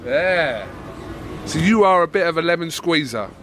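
A man's voice: fairly high pitch, expressive, normal speed, a bit bright, slight background noise. An English man with a British accent, casually interviewing people outdoors and teasing them playfully. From England. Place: outdoors on a city street.

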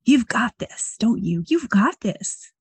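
A woman voicing an encouraging archangel spirit, speaking in a bright, reassuring way. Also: fairly high pitch, very animated, slow pace, breathy edge, dry recording, exaggerated voice.

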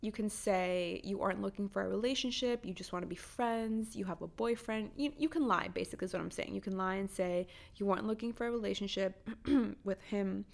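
A woman's voice: mid-range voice, a little fast, creaky. A young woman hosting a podcast, giving blunt dating advice in casual chat, swearing freely and firing off emphatic rhetorical questions. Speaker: podcast host.

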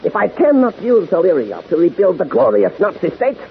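A man's voice: high voice, very animated, fairly quick, gravelly, a little hiss or hum, full character voice. An actor playing a ruthless, scornful male Nazi ruler who threatens his subordinates, in 1940s radio acting style. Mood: menacing. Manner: sneering, contemptuous. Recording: muffled old radio recording.

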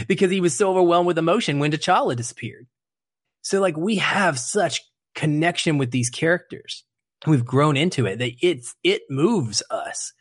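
A man's voice: on the high side, no room sound, studio quality. A man co-hosting a podcast, talking earnestly and emotionally about a film in casual discussion. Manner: earnest, emotional, quick bursts of speech. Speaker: podcast co-host.

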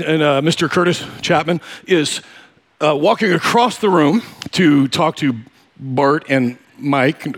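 A male pastor preaching in a conversational way, telling a funny, self-deprecating story and often asking listeners directly if they follow. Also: on the high side. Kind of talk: conversational sermon.

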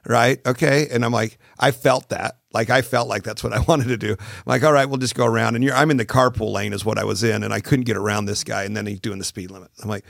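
Man, forties, podcast host, gravelly, lively storyteller, dry close sound. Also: fairly low pitch, fast talker, hardly any pauses, no echo. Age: 40s. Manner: animated storyteller acting out dialogue. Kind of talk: casual conversation.

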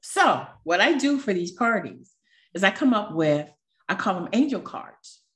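A woman guest on a podcast, telling a personal story in an emotional, animated way. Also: medium pitch, unhurried. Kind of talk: casual storytelling.

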